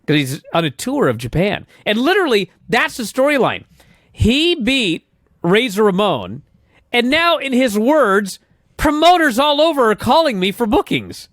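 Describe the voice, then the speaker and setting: A man co-hosting a casual wrestling recap chat, an animated storyteller who swears often and acts out quotes. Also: sits high, normal speed, no room sound, clean studio sound. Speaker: podcast co-host.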